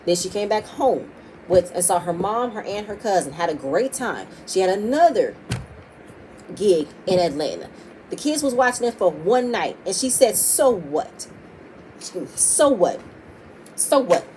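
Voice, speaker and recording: A woman's voice: mid-range voice, expressive, normal speed, darkish tone, slight background noise, poor audio. A woman recapping a reality TV episode, talking bluntly and profanely and acting out what the cast said. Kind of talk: casual opinionated episode recap.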